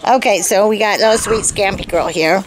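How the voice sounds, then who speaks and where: A woman's voice: medium pitch, brisk. A middle-aged woman breeding puppies, chatting casually on a home video and cooing in baby talk to the litter. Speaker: puppy breeder. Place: indoors inside a puppy exercise pen. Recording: loud background noise with barking dogs.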